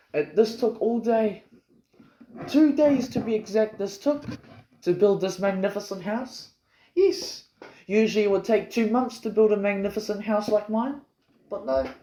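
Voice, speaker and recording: A man rambles through a boastful, absurd comic tale in a deadpan, improvised way. His voice is mellow and dark. The room is echoey with a faint hiss. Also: high voice. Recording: roomy echo with faint noise.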